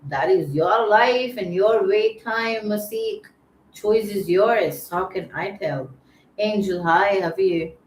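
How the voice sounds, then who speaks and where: A woman's voice: mid-range voice, slow. A woman hosting a livestream, greeting viewers by name in a chatty, teasing way. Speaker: livestream host. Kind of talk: casual livestream chat. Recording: echoey room with faint ambient noise.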